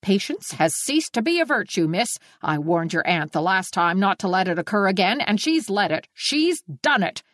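A woman's voice: medium pitch, very animated, moderate pace, hardly any pauses, a bit bright, no room sound, studio quality. A woman reading an audiobook, voicing an irate middle-aged male farmer who sputters and scolds in old-fashioned exclamations.

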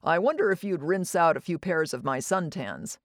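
A woman reading as a gruff stubborn husband. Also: fairly low pitch, animated, normal speed, dry recording, studio quality, close to an everyday voice. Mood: brusque. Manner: brusque, dismissive.

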